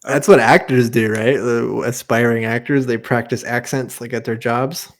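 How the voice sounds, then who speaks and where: Young male podcast co-host, rambling casual chat, laughs a lot, mid-pitched. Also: fairly even intonation, moderate pace. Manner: laughs often, heavy filler words.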